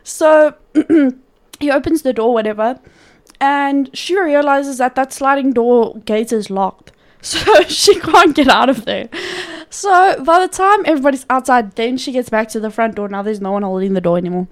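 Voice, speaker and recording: Profanity-laced high-voiced woman storyteller. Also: normal speed. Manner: profane, animated, laughs often. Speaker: podcast co-host. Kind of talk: casual storytelling.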